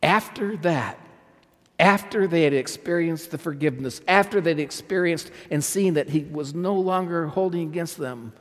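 A man's voice: on the high side, moderate pace. A male pastor preaching a sermon, emphatic, repeating phrases and putting questions to his listeners. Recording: long hall reverb.

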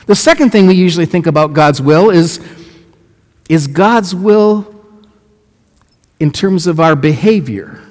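High-voiced man preaching in a reverberant church. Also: measured pace, long pauses. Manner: asks the congregation questions, lively storytelling with acted quotes. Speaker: pastor. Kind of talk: sermon. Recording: long hall reverb.

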